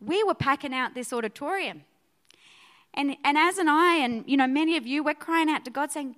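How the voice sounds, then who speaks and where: A woman pastor preaching a sermon to her church, energetic and conversational, often checking in with her listeners. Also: high voice, normal speed. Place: church auditorium.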